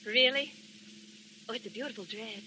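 A woman's voice: a little high, moderate pace, bright, forceful tone, slight background noise. A shy young shop girl. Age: young adult. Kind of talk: 1930s radio acting.

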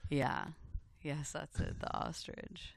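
A man's voice: fairly high pitch, little pitch movement, takes it slowly, gravelly, no echo, clean studio sound. A man co-hosting a music radio show, teasing his co-host in casual on-air banter.

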